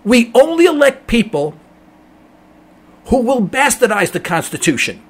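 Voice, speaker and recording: A man's voice: very high voice, sing-song, a little slow. A middle-aged man hosting a talk radio show, ranting emphatically in a rambling monologue and mocking callers in a dopey voice.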